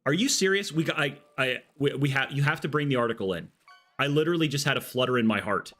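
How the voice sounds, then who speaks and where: Excitable joking male streamer. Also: mid-range voice. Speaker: game streamer. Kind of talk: casual live-stream chat.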